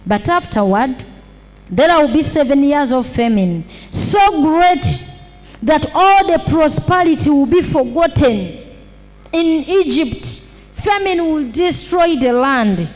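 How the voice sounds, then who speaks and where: A woman pastor preaching at a slow, deliberate pace, repeating each point for emphasis and putting rhetorical questions to the congregation. Her voice sits high. It rings with long reverb from a church hall. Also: darkish tone. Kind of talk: sermon.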